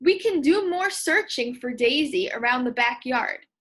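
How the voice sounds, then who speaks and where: An eager, hopeful little girl from a children's storybook, as a woman reading aloud voices her. Her voice is high and slightly husky. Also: lively intonation, unhurried, heavily acted. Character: eager young girl, Jada.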